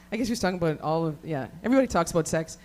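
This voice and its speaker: A woman's voice: fairly low pitch, animated, racing, darkish tone. Lady comic, swears nonstop, rambly and crude, keeps cracking herself up. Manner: crude, rambling, swears constantly, laughs at own jokes. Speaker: stand-up comedian. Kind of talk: raunchy stand-up set. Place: comedy show venue with live audience.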